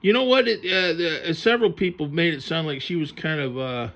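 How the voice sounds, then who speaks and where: A man with a slightly raised pitch talks through a book in a relaxed, unscripted way. He chats and muses aloud, his thoughts drifting from one to the next. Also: brisk, creaky. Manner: chatty, musing aloud, drifting between thoughts. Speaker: vintage TV book reviewer. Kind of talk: casual commentary while paging through a book.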